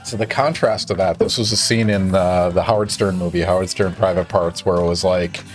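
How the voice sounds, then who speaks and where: A man's voice: low-pitched, fairly even intonation, a little fast, soft background music. A man hosting a gaming stream, chatting casually and curiously and reading out viewer questions. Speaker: stream host. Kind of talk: casual interview chat while gaming.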